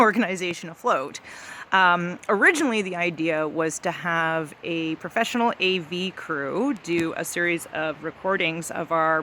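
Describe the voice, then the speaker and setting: Bright-voiced woman festival director. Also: fairly low pitch, a little hiss or hum. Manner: many fillers, small laughs, friendly and informal. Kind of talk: casual welcome address.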